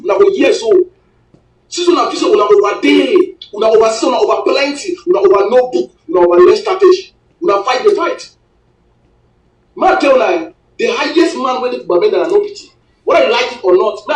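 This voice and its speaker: A man, ranting defiantly and taunting in repeated phrases. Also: extremely high pitch. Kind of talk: heated Pidgin rant. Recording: echoey, distant clip.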